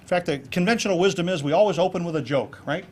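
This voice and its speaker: A man giving a keynote speech to a club audience on presentation skills, lively and jokey, acting out examples. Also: sits high, fast talker, slight background noise. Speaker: keynote speaker. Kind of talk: public speaking talk on presentation skills. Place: club meeting room with an audience.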